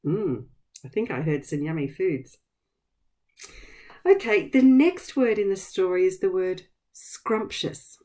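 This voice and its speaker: A woman teaches new words to young children in a gentle, encouraging manner. Her voice sits a little low, yet her pitch moves with lively, wide swings. She takes it unhurried, sounding each word out with care. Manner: encouraging, speaks slowly and clearly to kids. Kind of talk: vocabulary lesson for young children.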